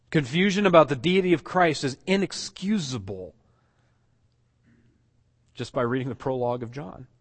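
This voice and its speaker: Guy preaching a sermon, mid pitch, gets loud and slow on key points, lots of restarts. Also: creaky, husky. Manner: teaching, emphatic with frequent restarts. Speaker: pastor.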